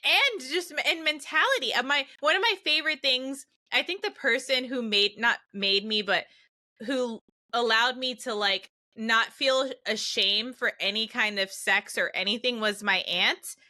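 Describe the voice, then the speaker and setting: A woman's voice: a little high, moderate pace, bright, forceful tone. A young adult woman co-hosting a podcast, chatting casually and enthusiastically and swearing freely. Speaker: podcast co-host. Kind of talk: casual chat.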